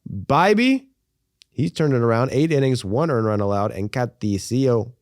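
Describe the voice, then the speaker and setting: A man's voice: medium pitch, big pitch swings, normal speed, no echo, clean studio sound. A man co-hosting a sports podcast, joking around and rambling in casual chat, swearing freely. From United States. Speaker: podcast co-host.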